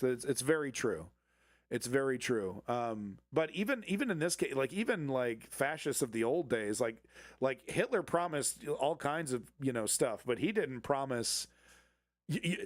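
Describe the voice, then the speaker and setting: A man's voice: mid-range voice, lively intonation, moderate pace, dry recording. A man hosting a live political commentary show, talking casually and sarcastically, rambling with restarts and frequent laughs.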